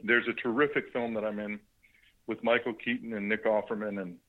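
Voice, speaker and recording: A man phoning in to a talk show, his voice low-pitched and a bit muffled by the line. He rambles casually with lots of fillers and chuckles as he tells stories. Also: little pitch movement, brisk. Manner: rambling, laughing, with many fillers. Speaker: actor guest. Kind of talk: casual phone interview. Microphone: phone line. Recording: dull phone line.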